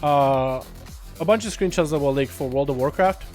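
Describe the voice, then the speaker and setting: A man's voice: fairly high pitch, normal speed, darkish tone. Young male streamer, casual commentary, laughs and swears easily, faint music underneath. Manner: laid-back, laughs often, swears casually. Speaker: gaming streamer. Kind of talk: casual gaming livestream commentary.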